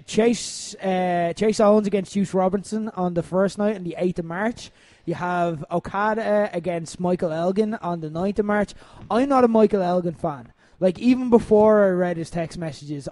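High-voiced Irish man hosting a podcast. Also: no echo. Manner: animated storyteller, swears freely, laughs often. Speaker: wrestling podcast host. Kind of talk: casual comedic podcast talk.

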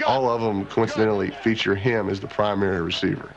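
A man's voice: lowish voice, fairly even intonation, fast talker, creaky, crowd noise. A man being interviewed about a game, telling the story with animation and quoting what he and his teammates said in the moment. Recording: slightly muffled with background noise.

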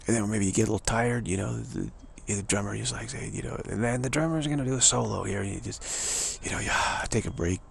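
Man, heavy vocal fry, fairly low voice, casual rambling talk, faint background hiss. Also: brisk, few pauses. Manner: loose, repetitive, drum-like scatting and asides. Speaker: speaker addressing an audience.

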